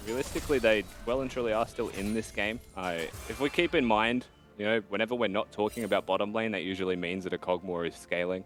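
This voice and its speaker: A man's voice: on the low side, fast, hardly any pauses, a bit bright, soft background music. Man analyzing esports plays. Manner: analytical, conversational breakdown of plays. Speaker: esports caster. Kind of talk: esports commentary.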